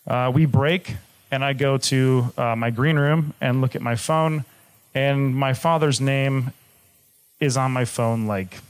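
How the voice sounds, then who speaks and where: A young man from Michigan tells a personal story to a live audience. He talks candidly and swears freely, at a middle pitch. His delivery swings between offhand humor and plain gravity. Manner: candid, swearing, shifts from jokey to grave. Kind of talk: personal story told on stage.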